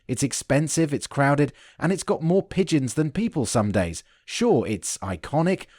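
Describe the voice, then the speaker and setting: British male narrator, mid pitch, dry sarcastic wit, scripted explainer read, no room sound. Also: no echo. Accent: British English. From United Kingdom. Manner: dry, wry, deadpan wit.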